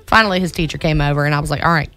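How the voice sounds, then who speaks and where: Woman co-host, bright animated storyteller, faint music under. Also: deep voice, rapid-fire. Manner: animated storytelling with acted quotes. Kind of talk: casual chat.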